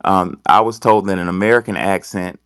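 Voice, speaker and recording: A man's voice: sits low, steady tone, fairly quick, a bit bright, dry recording, studio quality. A man hosting a talk show, telling stories in a rambling way with many hesitations. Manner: rambling, hesitant, full of ums. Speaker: host. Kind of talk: casual talk-show discussion.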